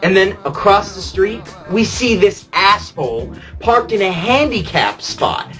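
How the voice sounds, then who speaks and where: A man's voice: high-pitched, expressive, measured pace, sharp tone, faint music behind, heavily acted, rough recording. A man playing a jaded retired superhero, telling crude stories in a rambling confessional monologue full of fillers. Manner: rambling, crude, laughing, heavy "you know" fillers.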